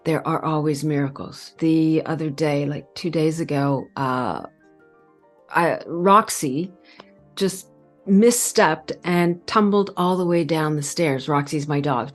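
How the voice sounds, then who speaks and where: A middle-aged woman giving a calm, earnest spiritual talk, pausing and stretching words. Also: deep voice. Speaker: spiritual channel host. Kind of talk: reflective spiritual talk to camera.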